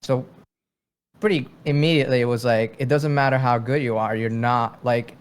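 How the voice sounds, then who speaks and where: A man from Venezuela, a military veteran, speaking as a podcast guest in a halting, thoughtful way with frequent fillers. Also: mid-range voice, steady tone, clear, resonant tone. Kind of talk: casual interview.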